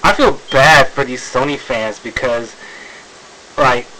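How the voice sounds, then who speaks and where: A man's voice: medium pitch, slow pace, noisy background. A man ranting in a video commentary, exasperated, sighing, with many fillers and restarts. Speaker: video blogger.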